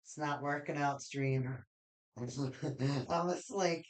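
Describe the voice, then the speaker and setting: A man's voice: on the high side, fairly even intonation, slow pace, a little mellow. A man chatting casually on a live stream while building card game decks, rambling and joking with his chat.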